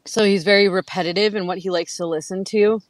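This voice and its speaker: Casting: woman, 30s, mid-pitched, chatty storyteller who acts out quotes and laughs often. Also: steady tone, fast, dry recording, poor audio. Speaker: guest. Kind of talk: casual chat.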